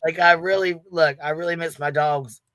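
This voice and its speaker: A man's voice: on the high side, steady tone, normal speed, pushed and bright, no room sound. A man hosting a livestream panel in casual chat, brash and profane and laughing often.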